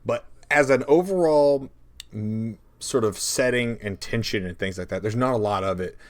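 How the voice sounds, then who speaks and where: A man's voice: mid-range voice, normal speed. A man co-hosting a casual podcast about running tabletop games, rambling and laughing easily. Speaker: podcast co-host.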